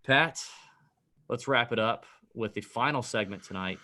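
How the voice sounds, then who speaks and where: A man's voice: mid-range voice, unhurried. A middle-aged man co-hosting a casual betting podcast, telling a rant with lots of energy. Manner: animated ranting storyteller. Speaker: podcast co-host.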